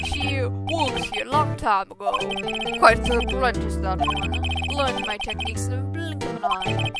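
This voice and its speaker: A woman's voice: a little high, normal speed, loud music behind the voice, natural voice. A woman putting on a stuffy old male lawyer. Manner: stuffy, overly polite, refined accent put on. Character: pompous older male lawyer, evasive. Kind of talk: reading game dialogue aloud.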